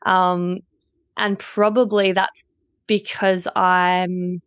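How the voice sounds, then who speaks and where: A woman's voice: lowish voice, flat delivery, very slow, a bit bright, smooth, no echo. A woman hosting a podcast, talking candidly and casually, with the odd swear word. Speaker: podcast host. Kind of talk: casual conversational interview.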